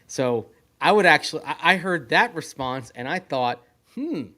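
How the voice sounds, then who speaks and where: A man's voice: a little high, moderate pace, pushed and bright. Skeptical man co-hosting sports radio. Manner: analytical, skeptical. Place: at a league meeting venue.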